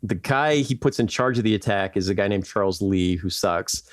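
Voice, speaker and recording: Man, podcast host, casual rambling history storytelling, somewhat low voice, dry close mic. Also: normal speed, no echo. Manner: rambling, laughs often, lots of "like" and "right?".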